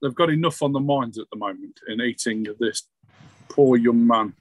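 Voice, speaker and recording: A man's voice: mid-range voice, moderate pace, no room sound, low-quality recording. A man narrating a tabletop game as game master, rambling loosely with many fillers.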